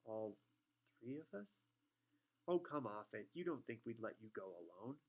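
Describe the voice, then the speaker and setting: A man's voice: fairly low pitch, very animated, a little slow, darkish tone, dull audio, exaggerated voice. A man reading an audiobook, voicing a loyal schoolboy in an offhand, blunt way.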